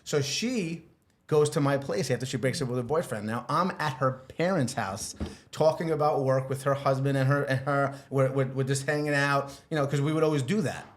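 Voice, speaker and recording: A man telling a long personal story as a podcast guest, animated, swearing freely and acting out what people said. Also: mid-range voice, brisk. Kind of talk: casual storytelling.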